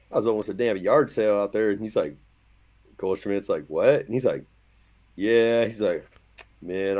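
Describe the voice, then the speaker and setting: A man with a fairly low voice chats on a sports podcast. He tells stories in a loose, rambling way, laughing often and acting out what other people said. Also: a little mellow. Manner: laughing, loose storytelling with mimicked quotes and swearing. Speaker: podcast co-host. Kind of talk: casual chat.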